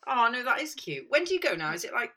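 A woman's voice: fairly high pitch, very animated, fast talker, bright, forceful tone. A young woman co-hosting a podcast, wry and teasing, swearing casually. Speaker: podcast co-host. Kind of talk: casual chat.

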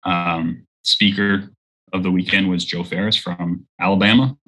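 Guy in his 30s, deep and kinda husky, earnest storytelling in an interview. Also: little pitch movement, measured pace, bright, forceful tone, rough recording. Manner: earnest storytelling, acts out quoted voices. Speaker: guest. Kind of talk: personal testimony in conversation.

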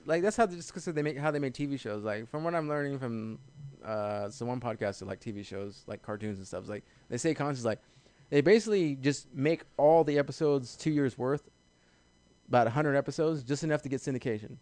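A man's voice: medium pitch, fairly quick, darkish tone, no echo. A man chatting casually about cartoons and TV, rambling, swearing often and laughing. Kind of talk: casual podcast chat.

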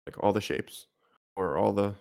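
Laid-back low-voiced man, gravelly. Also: a little mellow. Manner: laid-back, rambling, quick to laugh. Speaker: podcast co-host. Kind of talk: casual chat.

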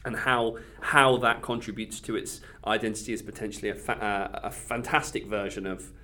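In this laid-back film chat, a male podcast co-host thinks out loud, hesitating, using lots of fillers and letting sentences trail away. He speaks at a normal pace in a fairly low, fairly even voice with a bright, forceful tone.

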